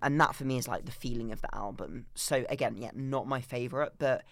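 A man's voice: mid-range voice, fairly quick, a bit bright, no room sound. A man co-hosting a podcast in casual chat, gushing with effusive praise. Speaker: podcast co-host.

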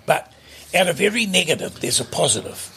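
A man's voice: on the high side, sing-song, fairly quick, creaky, sharp tone, a little hiss or hum. An older man, telling stories bluntly and emphatically as a podcast guest. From New Zealand. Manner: blunt, emphatic, repeats himself. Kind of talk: casual interview storytelling.

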